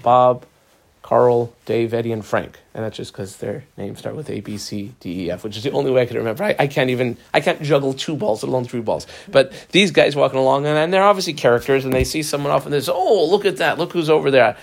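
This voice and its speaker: A man giving a casual Talmud lesson, acting out the characters in quick quoted voices. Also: mid-range voice, vocal fry. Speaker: Talmud teacher.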